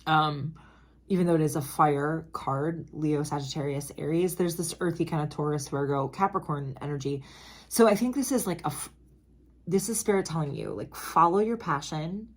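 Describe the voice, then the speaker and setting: Low-voiced woman giving a chatty tarot reading. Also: moderate pace. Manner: chatty, emphatic, frequent asides and apologies. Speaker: tarot reader. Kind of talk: casual tarot reading to camera.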